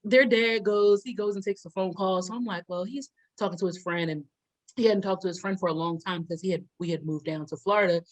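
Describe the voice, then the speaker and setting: A young adult woman co-hosting a podcast, telling a story in a lively way and acting out the quotes. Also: medium pitch, a little fast, rough recording. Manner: animated storyteller, acts out quotes with loud laughs. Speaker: podcast co-host. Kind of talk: casual storytelling chat.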